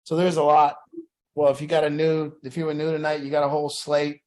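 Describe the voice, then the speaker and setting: A man's voice: on the high side, completely flat delivery, a little fast, a little mellow. Earnest man leading a support group. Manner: earnest, repetitive, plain-spoken, preachy.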